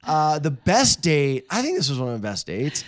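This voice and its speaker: A man guesting on a radio show, telling a dating story in a playful, animated way with easy laughs. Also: on the high side, normal speed, no echo, studio quality. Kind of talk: casual storytelling chat.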